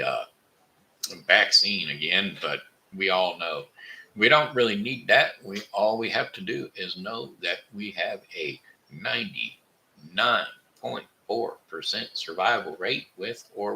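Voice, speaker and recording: Brief: man hosting a live stream, slow and rambling, gravelly low voice. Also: expressive, bright, forceful tone, poor audio. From Missouri, USA. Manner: rambling and halting, with many fillers and restarts. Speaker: livestream host reading chat. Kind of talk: casual live-stream chat.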